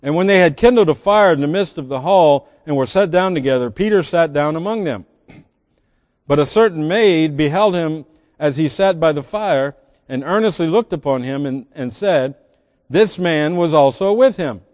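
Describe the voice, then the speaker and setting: A man's voice: on the high side, animated, moderate pace, a little mellow, in a large hall. A man preaching a sermon as pastor, reading scripture aloud with emphatic swells and sudden drops. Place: large church sanctuary.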